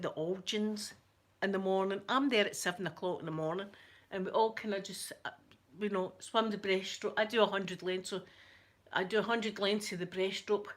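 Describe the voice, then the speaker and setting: A woman's voice: medium pitch, fairly bright tone. A Scottish woman telling a story to her viewers, chatty and rambling, with many stammering restarts. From Scotland. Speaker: channel host.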